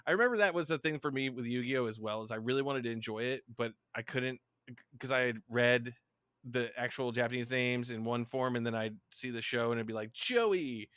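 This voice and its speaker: A man's voice: medium pitch, fairly even intonation, a little fast, fairly bright tone, clean tone, no echo. A man hosting a podcast, chatting casually in a rambling, self-deprecating way and laughing often. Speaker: podcast host. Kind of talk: casual chat.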